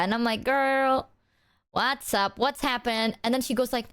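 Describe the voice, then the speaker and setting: A woman streamer in casual chat, telling stories in an animated, slangy way. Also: high-pitched, a little slow, long pauses, smooth.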